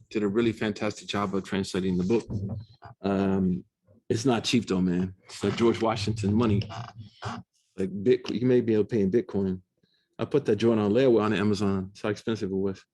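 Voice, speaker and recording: Fast-talking American man teaching. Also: lowish voice. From United States. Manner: fast, slangy, animated storytelling with Arabic recitation. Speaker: Islamic studies teacher. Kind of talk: casual classroom lecture. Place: university classroom.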